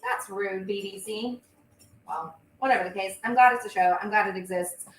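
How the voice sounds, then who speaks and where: A woman's voice: mid-range voice, normal speed, fairly bright tone, slight background noise. A young woman hosting a casual livestream while she bakes, chatty and bubbly with frequent fillers. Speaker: host and singer. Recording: echoey room with faint ambience.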